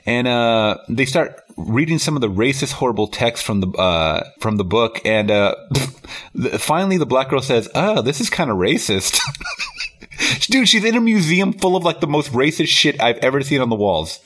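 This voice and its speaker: A man's voice: mid-range voice, sing-song, moderate pace, fairly bright tone. A man reviewing a film in casual podcast chat, rambling with lots of fillers and easy laughs.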